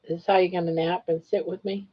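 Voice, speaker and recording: An older woman's lowish, husky voice stays level and quick as she hosts a live crochet stream, greeting viewers and fondly chatting with her pet. The casual stream has dull lo-fi audio.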